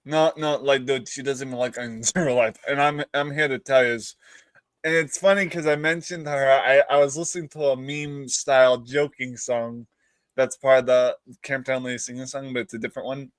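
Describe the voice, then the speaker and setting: A man's voice: mid-range voice, steady tone, a little fast, clear, resonant tone, no room sound. A man with a New England accent, hosting a casual stream and telling rambling, jokey stories full of restarts. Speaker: streamer host. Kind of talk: casual chat.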